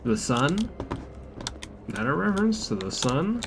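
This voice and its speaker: A man's voice: a little high, sing-song, unhurried, creaky, noisy background. A man streaming a video game, chatting casually and profanely and reading in-game notes aloud. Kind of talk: casual live-stream commentary. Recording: streamer over loud game music.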